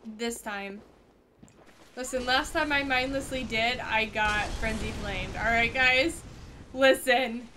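A woman streamer giving excitable, foul-mouthed commentary to her viewers while playing a game. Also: fairly high pitch, slow, slight background noise. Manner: excitable, swears freely, talks to her viewers. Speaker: gaming streamer. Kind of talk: let's play commentary. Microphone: headset or desk mic.

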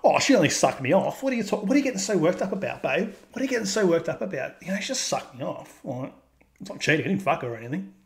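A man's voice: on the high side, very animated, fast talker, vocal fry, voice pushed up. A man voicing a defensive cheating boyfriend, using a crude, mocking, whiny tone. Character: defensive cheating boyfriend making lame excuses.

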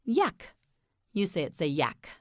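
A woman with an American accent leads a beginner pronunciation lesson at a very slow, deliberate pace. Her voice sits a little low, and the recording is close and dry. She says each word with care and then asks the listener to say it back. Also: huge pitch swings, a little mellow, dry recording. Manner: repeats words slowly and asks the listener to say them back. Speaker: English pronunciation teacher. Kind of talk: slow, clear scripted lesson narration.

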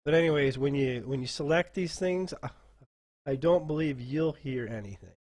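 This man, speaking into a desk mic, hosts a laid-back screen-share tutorial aimed at dungeon masters, stopping and starting while he clicks around in software. He talks with a higher-pitched voice.

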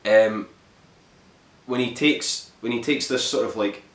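A man's voice: mid-range voice, slow pace, fairly bright tone. A man casually retelling a film's plot as a reviewer, rambling and swearing, with lots of "like" fillers. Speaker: film reviewer. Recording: roomy echo.

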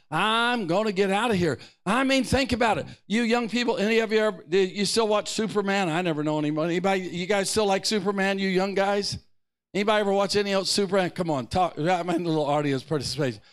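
Older male preacher with a very high voice. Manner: fervent preaching that swings between loud shouted bursts and quiet asides. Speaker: pastor. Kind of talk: sermon. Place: church sanctuary before a live congregation.

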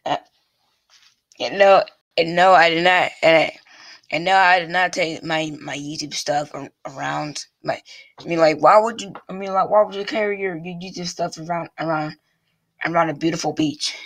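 Here a male YouTube vlogger talks in a fairly high, steady, somewhat bright voice, recorded dry on a desk mic with a pop filter. His casual, rambling talk to viewers is halting, full of restarts and phrases repeated over and over before a thought gets finished.

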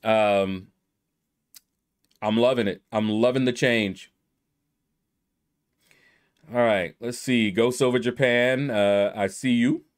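A man giving relaxed, casual game commentary as he reads through a leaderboard, congratulating players and playing with their names. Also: medium pitch, slow, pauses often. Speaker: gaming YouTuber.

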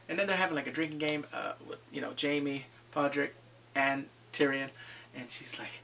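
A man casually recapping a TV episode, swearing freely and jumping into quick impressions of the characters. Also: fairly high pitch, creaky, fairly bright tone, distant mic, a little hiss or hum. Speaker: TV show reviewer. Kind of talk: casual spoiler recap vlog.

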